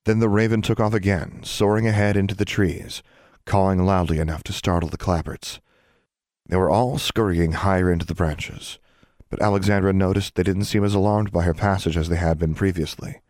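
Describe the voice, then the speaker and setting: Male audiobook narrator, deep voice, steady measured reading, dry booth sound. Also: dry recording. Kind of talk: scripted storybook narration.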